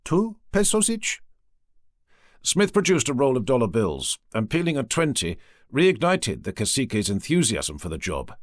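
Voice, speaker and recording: A man narrating an audiobook in an expressive storytelling manner, close to a studio mic. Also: mid-range voice, moderate pace, no room sound. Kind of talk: scripted narration.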